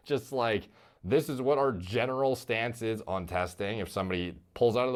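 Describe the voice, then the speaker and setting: A man's voice: mid-range voice, normal speed. A man giving casual, profane commentary about a fighter's physique in a video played on stream.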